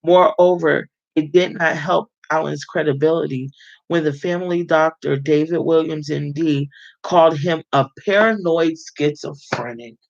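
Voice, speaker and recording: Brief: gravelly-voiced woman, book club host reading aloud, blunt and profane asides, dull lo-fi sound. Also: low-pitched, normal speed, no room sound. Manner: frank and profane, talks straight to listeners.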